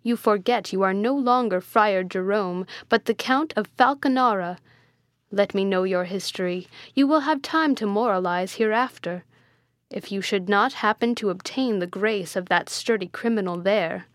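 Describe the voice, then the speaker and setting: A woman reading the part of a stern, proud male prince, delivering his lines with forceful declamation. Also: medium pitch, moderate pace, dry recording, clean studio sound, close to an everyday voice.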